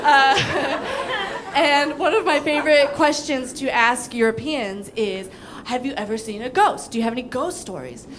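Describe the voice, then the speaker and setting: A woman's voice: high-pitched, unhurried, a bit bright, some chatter behind, a little hiss or hum. A young woman doing stand-up, telling a story with casual swearing and frequent giggles. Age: young adult. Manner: giggly, breaks into laughter. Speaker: comedian.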